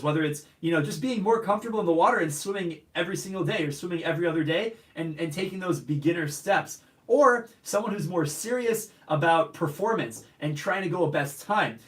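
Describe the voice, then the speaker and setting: A man's voice: high voice, brisk, hardly any pauses, recorded from a distance. A man hosting a live stream Q&A, upbeat and calling out greetings to viewers from many places. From United States. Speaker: host. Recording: roomy echo, off-mic.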